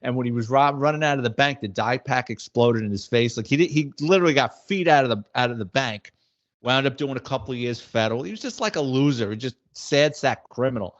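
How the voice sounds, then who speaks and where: A middle-aged former police detective, casually telling wisecracking anecdotes in a blunt way. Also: male voice, mid-range voice, fairly quick. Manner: blunt, wisecracking, acts out quoted dialogue. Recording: slightly muffled audio.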